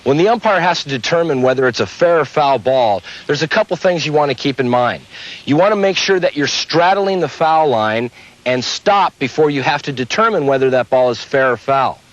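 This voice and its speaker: Umpire instructor, male, slightly high, methodical delivery; muffled old video audio. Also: normal speed. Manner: steady, explains step by step. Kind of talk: instructional demonstration.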